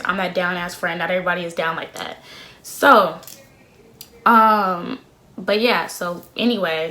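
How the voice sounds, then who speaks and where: A young woman in her twenties telling a story to her phone camera in a casual, slangy, animated way, laughing often. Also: mid-range voice. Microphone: phone camera at arm's length.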